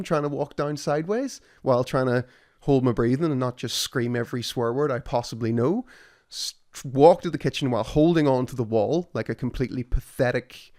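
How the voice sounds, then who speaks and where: A man hosting a relaxed podcast chat, his voice at an ordinary middle pitch. He tells stories with lively, sarcastic energy, leaning hard on ironic emphasis. The delivery stays conversational and unscripted. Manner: animated, sarcastic storytelling. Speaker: podcast host.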